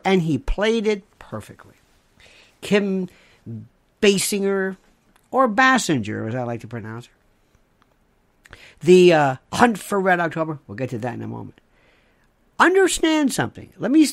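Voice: mid-range voice, sing-song, normal speed, vocal fry, pauses often. A commentator delivering an emphatic monologue, stacking repeated phrases into long lists.

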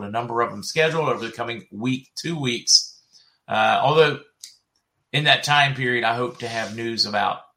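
A middle-aged man with a Southern US accent hosts a relaxed livestream and reads out viewer comments. His voice is bright and forward, at an ordinary pitch. He laughs easily and hops from one topic to the next. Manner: chatty, laughs often, jumps between comments. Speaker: host reading viewer comments. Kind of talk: casual livestream chat.

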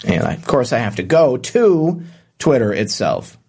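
A man's voice: mid-range voice, sing-song, a little slow, vocal fry, very noisy. A man hosting a livestream, reading viewer comments and commenting casually, often restarting with fillers. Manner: hesitant, many filler restarts. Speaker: livestream host.

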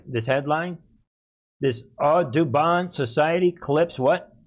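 Male host of a live-streamed political commentary show, emphatic and repetitive, speaking voice sits a little high. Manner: emphatic and repetitive, keeps calling out to viewers.

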